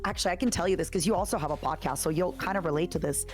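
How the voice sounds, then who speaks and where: A woman's voice: fairly low pitch, racing, soft background music. A woman guest in a casual chat, telling stories animatedly and acting out what people said. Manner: animated storyteller, acts out quoted dialogue.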